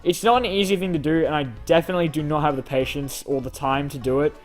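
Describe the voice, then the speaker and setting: A man's voice: a little high, steady tone, quick pace, soft background music. A young man hosting a casual fan Q&A, reading questions aloud and answering in a rambling, self-deprecating way. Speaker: YouTube channel host answering fan questions.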